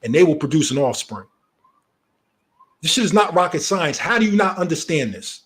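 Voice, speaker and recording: A man's voice: on the high side, big pitch swings, normal speed, a bit bright. A man giving heated, profane commentary, firing off rhetorical questions.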